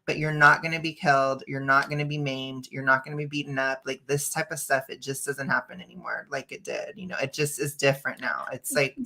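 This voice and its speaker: A woman's voice: rumbling low, fairly even intonation, brisk, vocal fry, few pauses, sharp tone. A woman hosting a casual reaction stream over a video call, blunt and opinionated, often breaking into laughs. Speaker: stream host.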